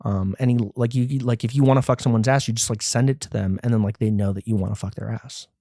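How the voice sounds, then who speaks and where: A young man voicing a quiet, eager guy who hesitantly pitches a crude meme coin and keeps saying "like". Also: fairly even intonation, fast talker, no echo, studio quality, lightly acted. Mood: conspiratorial. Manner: mumbling, hesitant, full of "like".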